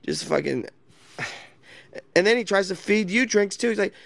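A gravelly-voiced man hosting a loose online chat. He sounds mocking and brash, with constant swearing, and the sound is dry with no room echo. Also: sits high, expressive, measured pace, a bit bright. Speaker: host.

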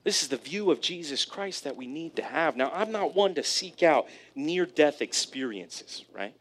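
A man preaching a sermon, telling a personal story in an animated way, often checking in with "right?". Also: on the high side, moderate pace, slight background noise. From California, USA. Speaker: pastor.

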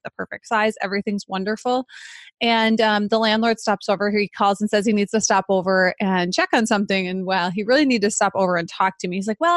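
A woman, co-hosting a podcast and telling a story in animated, casual chat full of "like" fillers. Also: mid-range voice, no room sound. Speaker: podcast co-host.

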